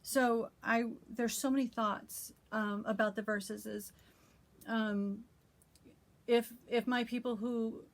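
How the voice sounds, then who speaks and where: Emotional, halting woman sharing faith thoughts. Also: on the high side, fairly even intonation. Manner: emotional, halting, with many restarts; reads scripture aloud. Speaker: quilting vlogger. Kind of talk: heartfelt personal reflection.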